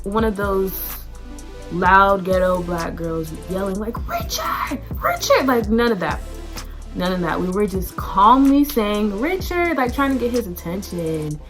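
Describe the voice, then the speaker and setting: Teen girl vlogger, chatty storyteller, mid-pitched voice, faint music under it. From Texas. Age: teens. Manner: animated, chatty, lots of "like" and "y'all". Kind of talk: storytime vlog.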